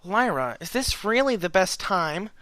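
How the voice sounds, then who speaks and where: A man voicing a sensible young mare who speaks calmly and softly. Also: high voice, a little slow, dry recording, pitched above the performer's own voice, exaggerated voice. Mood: quietly chiding. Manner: calm, soft-spoken.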